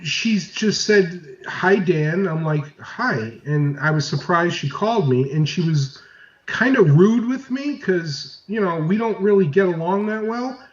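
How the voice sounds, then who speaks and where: A man's voice: sits high, animated, a little slow. A man telling a story on a phone call in a casual way, quoting what others said. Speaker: phone caller. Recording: dull lo-fi call, far from mic.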